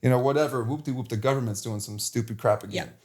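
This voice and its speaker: A man's voice: mid-range voice, quick pace, darkish tone. A man in his forties, a podcast guest, talking candidly in a passionate, emphatic way, often restarting his sentences. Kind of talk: candid conversational interview.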